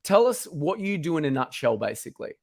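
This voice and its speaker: A man's voice: a little high, big pitch swings, creaky, a little mellow. Encouraging male live-stream host. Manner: encouraging, quick affirmations. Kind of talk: casual live-stream interview.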